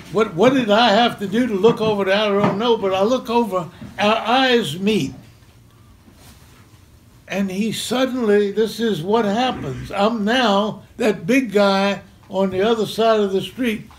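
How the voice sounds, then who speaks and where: A man's voice: sits high, a little hiss or hum. An older man tells a personal story to a live audience, chuckling and acting out the scenes. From Memphis, Tennessee, US. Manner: animated, chuckling storyteller who acts out scenes. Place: community center talk in front of an audience.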